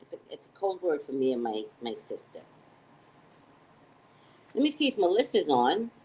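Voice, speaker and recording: A woman's voice: normal speed, a little hiss or hum, low-quality recording. A woman, a psychic hosting her own live morning show, chatting casually, rambling, swearing freely and joking at her own expense. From United States. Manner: rambling, profane, self-mocking, digressive; animated, swings into high excited tones. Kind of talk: casual live-stream chat.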